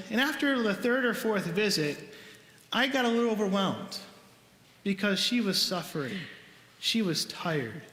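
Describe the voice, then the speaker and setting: A man delivers a homily in an earnest, conversational way, telling stories to his congregation. His voice sits high and bright. The sound carries the long, roomy reverb of a large church. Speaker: priest.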